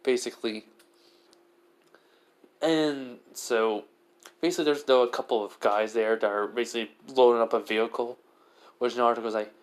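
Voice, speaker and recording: A man's voice: mid-range voice, steady tone, moderate pace, long pauses. A young man improvising a fan story aloud, rambling with many fillers.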